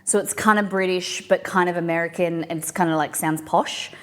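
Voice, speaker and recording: Her voice is fairly low and a bit bright, with a steady tone and a slightly fast pace. The young woman, from Australia with a mild blended accent, rambles casually on a live cooking stream while responding to viewers.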